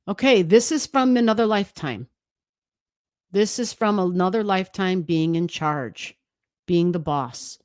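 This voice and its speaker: A woman's voice: on the low side, darkish tone, no echo, clean studio sound. A woman astrologer giving a chatty, emphatic forecast, often adding "right?" as she goes.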